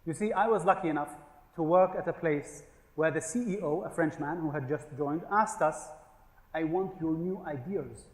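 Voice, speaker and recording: A man giving a humorous business keynote, telling stories and asking the audience questions. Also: a little high. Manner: storytelling with jokes and rhetorical questions. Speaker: conference speaker. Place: large conference hall. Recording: echoey hall with long reverb.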